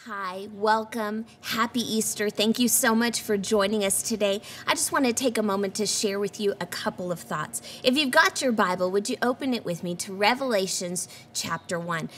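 A woman's voice: mid-range voice, fairly bright tone, a little hiss or hum. A woman pastor giving an earnest sermon and reading scripture aloud. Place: church.

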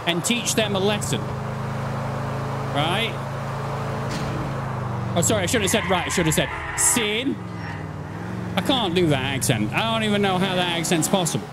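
Animated, swearing man in his thirties over game noise. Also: high voice, normal speed, long pauses. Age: 30s. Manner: animated, sweary, rambling jokes. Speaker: gaming streamer. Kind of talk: let's play commentary. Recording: over loud game sounds. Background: loud game traffic and city sounds.

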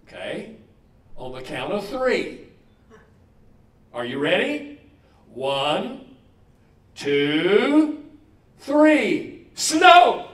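A man voicing a small, impatient cartoon boy, calling out high and strained. He is heard in a roomy space, set back from the microphone. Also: very animated, very slow, long pauses, fairly bright tone, distant mic, full character voice. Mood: coaxing.

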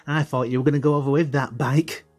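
A man voicing an excitable young boy, joshing with his friend. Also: mid-range voice, fast talker, soft background music, pitched above the performer's own voice, natural voice. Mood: joking. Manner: lively, joshing banter.

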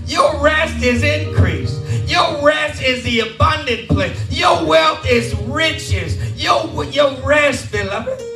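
A pastor preaching fervently, shouting and repeating phrases, calling out to his congregation for responses. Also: very high voice, takes it slowly, creaky, hardly any pauses. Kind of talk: shouted call-and-response sermon. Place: large church hall. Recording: echoey church hall, voice from a distance, music behind.

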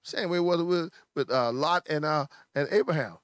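A man preaching a sermon in a cadence, pressing each point through repetition. His voice sits a little high for a man. The sound is dry and close, with little room echo. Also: normal speed, smooth. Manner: preaching with repetition and rising emphasis. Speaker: pastor.

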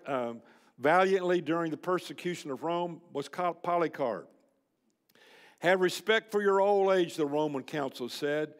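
An older man with a drawl delivers a blunt, folksy sermon to a room of men. His voice sits a little high for a man, and it rings out with a long echo in a large hall. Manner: folksy, blunt, emphatic preaching. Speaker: speaker at a men's luncheon. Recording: reverberant hall.

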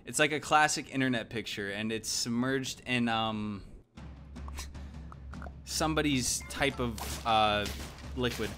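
Soft background music plays as a young man with a medium-pitched voice streams a video game, talking a little slowly and pausing often. His casual chat is rambling and profane, with mumbling that breaks into excited yelps.

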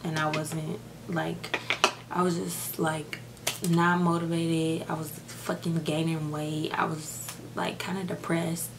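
A young woman with a low voice talks slowly and frankly into her camera while doing her makeup. She is tearful, says "like" constantly and swears freely. Her camera mic is recording in a room with steady background noise. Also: vocal fry. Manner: frank, heavy use of "like" and swearing. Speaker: beauty vlogger. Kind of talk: casual get-ready-with-me chat. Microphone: camera microphone.

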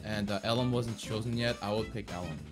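A man's voice: on the low side, fairly quick, over loud music. A man chatting casually with friends on a voice call, joking and laughing often. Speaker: streamer in group call. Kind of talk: casual group chat.

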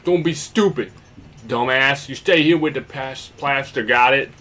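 A man's voice: mid-range voice, measured pace, sharp tone. A man playing a video game, reading the hero's lines brashly and joking in asides. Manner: reads hero lines brashly, jokes in asides. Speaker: game player. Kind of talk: let's play with dubbed dialogue.

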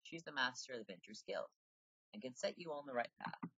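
A man's voice: lively intonation, a little fast, sharp tone, husky, no room sound, highs cut off, exaggerated voice. A man voicing a brusque British woman guide in a fantasy game, raising his voice so it sounds almost feminine. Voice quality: raised, almost feminine pitch.

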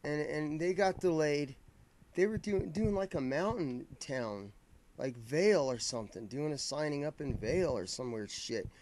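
A man with a slightly high voice tells a story straight to his camera, profane and rambling. He restarts his sentences often and keeps talking in a casual, unscripted flow. A faint hiss sits under the recording. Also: animated, measured pace, darkish tone. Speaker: vlogger telling a fan story.

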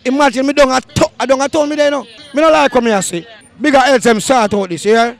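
A man with a Jamaican accent, a street interviewer running a vox pop with loud, hyped questions. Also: very high-pitched, quick pace, creaky.

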